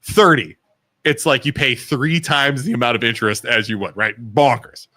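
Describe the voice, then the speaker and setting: Male co-host, Ohio accent, blunt storyteller, bright tone, close dry studio sound. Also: mid-range voice, moderate pace, no echo. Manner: blunt, animated storytelling, acts out quotes. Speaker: co-host, mortgage broker. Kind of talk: casual radio talk show chat. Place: small studio.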